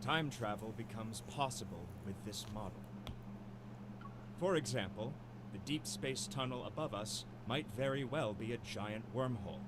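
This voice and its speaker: A man voicing a calm, soft-spoken young man in a game, speaking in a measured tone with careful enunciation. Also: medium pitch, noisy background, close to an everyday voice. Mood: lecturing. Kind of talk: game character voice-over.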